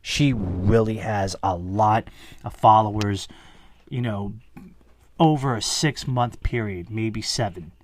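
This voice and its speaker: A man's voice: lowish voice, slow pace, a little mellow. A man hosting his own podcast, talking casually and earnestly on his own, with lots of "you know" fillers. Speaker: podcast host. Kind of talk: casual solo podcast monologue. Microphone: studio microphone.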